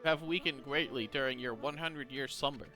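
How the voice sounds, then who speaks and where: A man's voice: mid-range voice, fairly quick, bright, forceful tone, faint music behind, lightly acted. A man reading aloud as a smug, lofty young male prophet swordsman, in a theatrical, teasing manner. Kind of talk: reading game dialogue aloud.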